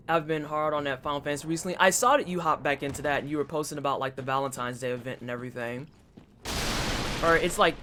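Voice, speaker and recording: A man's voice: mid-range voice, sharp tone. A man streaming a game, chatting casually with his chat and reacting aloud as he plays. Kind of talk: casual gameplay commentary. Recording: clear background noise.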